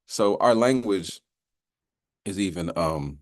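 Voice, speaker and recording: A man's voice: deep voice, lively intonation, takes it slowly. A man teaching a casual Bible class in a loose, chatty way, often asking "you know what I mean" and slipping into joking voices to act out sayings.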